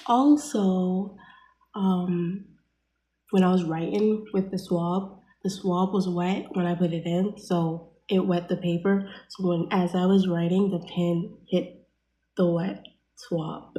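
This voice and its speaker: A woman's voice: lowish voice, steady tone, slow, mellow, reverberant. A young woman telling a personal story in a casual vlog, blunt and full of fillers, swearing freely. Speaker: vlogger.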